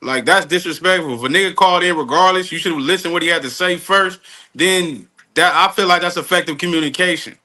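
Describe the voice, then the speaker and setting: A man's voice: high-pitched, brisk, bright, forceful tone. A man co-hosting a casual podcast with laid-back chatter.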